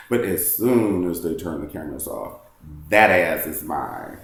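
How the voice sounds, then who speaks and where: A man hosting a casual recap, retelling scenes in an animated, sassy way and mimicking the people he talks about. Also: sits low, a little slow, heavy reverb, a little hiss or hum. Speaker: reality TV recap host.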